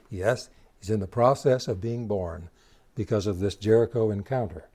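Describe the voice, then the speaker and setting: A man's voice: fairly low pitch, normal speed, warm tone. A man preaching a sermon, retelling scripture and asking the congregation rhetorical questions. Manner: retells scripture with quoted dialogue.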